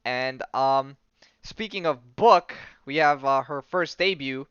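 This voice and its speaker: A man's voice: medium pitch, takes it slowly, smooth, no echo, highs cut off. A man hosting a podcast, retelling a comic in a casual, jokey way with lots of fillers. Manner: animated, jokey storyteller with many fillers. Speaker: podcast host.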